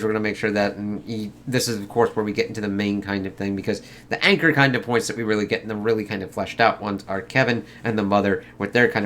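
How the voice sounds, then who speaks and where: A man's voice: fairly low pitch, fairly bright tone, slight background noise. Profane, rambling man reviewing a movie. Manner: profane, rambling, acts out quotes in exaggerated voices. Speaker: film reviewer. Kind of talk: casual spoken movie review.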